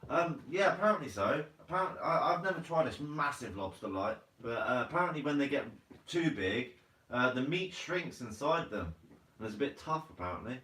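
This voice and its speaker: Medium-pitched, bright and forceful, this man talks fairly quickly and expressively while hosting a relaxed live stream. He chats easily, reads out comments, laughs a lot and keeps saying "mate"; the distant mic gives a roomy sound.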